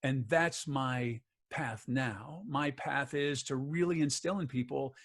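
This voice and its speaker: A man's voice: mid-range voice, slow pace, a bit bright. A middle-aged man telling a personal story in an interview, acting out the other people's lines as he goes. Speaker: guest, author and voice actor.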